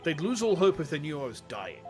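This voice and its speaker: A man voicing a gruff, fatherly older leader, speaking low, solemn and measured. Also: big pitch swings, a little mellow, soft background music.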